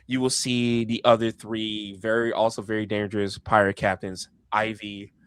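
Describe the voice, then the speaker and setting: A man's voice: fairly low pitch, little pitch movement, normal speed, fairly bright tone, clear, resonant tone, no room sound. A man narrating as game master of a tabletop role-play, laughing often and talking in a playful, loose way.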